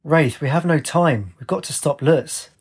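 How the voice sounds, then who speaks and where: A man with a husky voice voicing a headstrong, impatient teenage girl in an audiobook. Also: fairly high pitch, unhurried, full character voice. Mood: urgent. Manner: exasperated, snappy retorts. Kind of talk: audiobook character voice.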